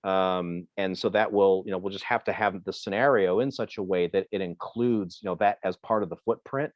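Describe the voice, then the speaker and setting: A man from Ohio answering questions as a presenter in a video call, talking in a halting way with many fillers and restarts. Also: low-pitched, no room sound, highs cut off. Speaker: presenter on emergency communications. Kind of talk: Zoom Q&A answer.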